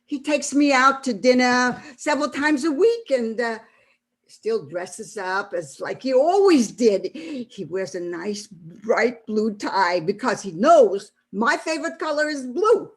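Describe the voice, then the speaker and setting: A woman's voice: a little high, lively intonation, measured pace, slightly rough. An actress playing a feisty, foul-mouthed elderly woman who was once an actress, performed on stage. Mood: fond. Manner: brash, boastful, salty-tongued.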